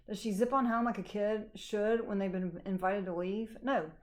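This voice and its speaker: A woman's voice: mid-range voice, fairly even intonation. Woman teacher reading aloud to kids. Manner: unhurried, friendly storytelling read-aloud. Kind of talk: reading a novel aloud to a class.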